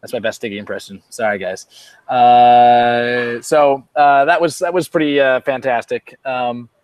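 A man's voice: medium pitch, fairly even intonation, unhurried, clear, resonant tone, no echo. A man co-hosting a casual sports podcast, rambling with many fillers and wry jokes. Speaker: podcast co-host.

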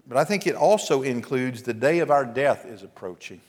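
A man, a pastor preaching an earnest, exhorting sermon with emphatic pauses. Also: medium pitch, lively intonation. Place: church sanctuary. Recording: long hall reverb.

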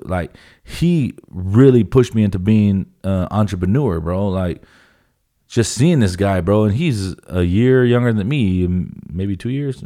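A man's voice: low-pitched, warm tone. A man in his thirties from California, telling stories in casual podcast chat with lots of swearing and "bro". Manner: profane, emphatic storytelling, says "bro" constantly. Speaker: podcast guest.

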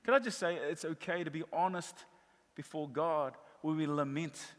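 A middle-aged man preaches a sermon in a fairly high voice, driving home each point by saying it again. His voice rings out through a large hall with a long reverb trailing behind his words. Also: fairly even intonation, normal speed. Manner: warm storytelling with emphatic repetition.

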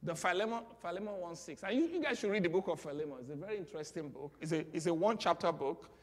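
A man with a Nigerian accent preaching a sermon, leading call-and-response and building to loud exclamations. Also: high voice, animated, fast. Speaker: pastor. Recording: long hall reverb.

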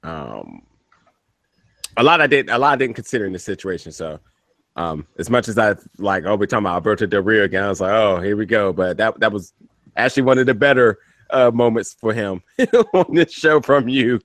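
A man's voice: on the low side, expressive, fairly quick, a bit bright, dry recording, studio quality. A man co-hosting a casual wrestling podcast, hesitant with many fillers, then heated rants. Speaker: podcast co-host.

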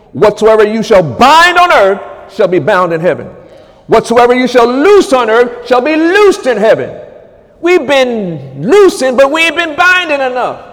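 A man preaching a charismatic sermon as pastor, dropping to low murmurs and rising to high shouted commands. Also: long reverb tail.

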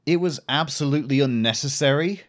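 A man's voice: on the high side, fairly quick. A man co-hosting a casual podcast, discussing a film with dry, joking commentary. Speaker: podcast co-host.

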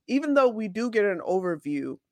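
A woman's voice: mid-range voice, sing-song, brisk, a little mellow, no echo. A woman co-hosting a casual podcast, giving blunt, emphatic opinions. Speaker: podcast co-host.

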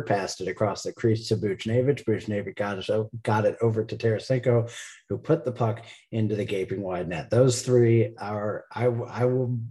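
Low-voiced man recapping hockey highlights. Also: a little mellow. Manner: play-by-play recap, laughs often. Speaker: podcast co-host. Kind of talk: casual sports chat.

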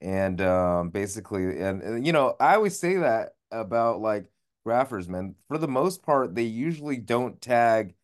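A man hosting a podcast in casual chat, relaxed and calling his guest man and dude. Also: fairly low pitch, measured pace. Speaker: podcast host.

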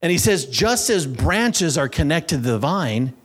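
A middle-aged man preaching a sermon, slowing down and stressing each phrase of the scripture he quotes. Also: a little high, very animated, husky.

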